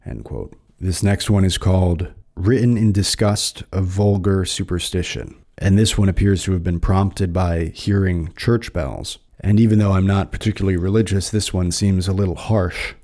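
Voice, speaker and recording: An American man with a low voice reads poetry aloud on his podcast. His tone is dark and mellow, and he takes the verses slowly and deliberately between casual explanations. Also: fairly even intonation. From United States. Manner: measured, slows down to recite verse. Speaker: podcast host. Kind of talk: reading poetry aloud and commenting.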